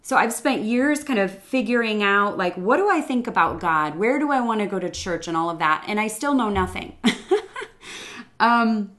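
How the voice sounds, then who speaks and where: Middle-aged woman doing her faith podcast solo, earnest and reflective, a few ums, medium pitch. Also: expressive, normal speed, a bit bright. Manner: earnest and reflective, with some hesitant "um"s. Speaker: podcast host. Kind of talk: faith-based podcast monologue.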